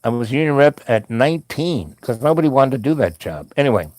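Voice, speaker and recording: Male storyteller, easygoing and meandering, mid-pitched voice, dry close recording. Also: very animated, a little fast, darkish tone, dry recording. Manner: meandering, full of asides and restarts. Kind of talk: casual rambling storytelling.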